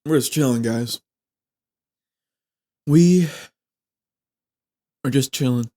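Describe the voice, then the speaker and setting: A man's voice: medium pitch, slow, warm tone. Rambling, playful young male podcast host. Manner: playful, rambling, trips over words. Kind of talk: casual solo podcast chat.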